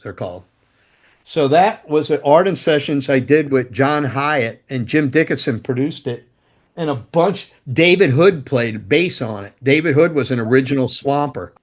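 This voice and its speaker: A man telling casual stories as a guest, a former guitar tech and roadie who swears freely, laughs as he goes, and acts out other people's lines. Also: mid-range voice. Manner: loose and profane, laughs mid-story, acts out quotes. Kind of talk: casual anecdotal storytelling.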